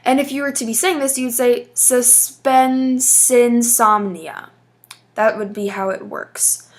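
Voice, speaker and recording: A woman teaches a lesson in a casual classroom style, patiently explaining step by step and using frequent fillers. Her voice is fairly high and her pace is moderate.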